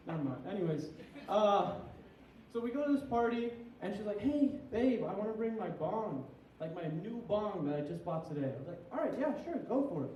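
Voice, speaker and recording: A man's voice: high voice, animated, brisk, mellow, a little hiss or hum. Young man doing a crude, rambling stand-up set. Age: young adult. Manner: crude, rambling, self-deprecating. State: tipsy. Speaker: stand-up comic. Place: small comedy venue with an audience. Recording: echoey room, heard from a distance.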